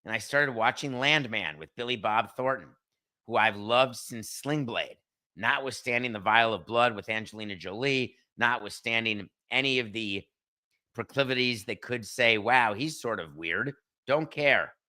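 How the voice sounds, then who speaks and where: A man's voice: medium pitch, normal speed, pushed and bright. A middle-aged man hosting his own podcast, giving blunt, sarcastic opinions in a solo commentary and joking at his producer. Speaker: podcast host.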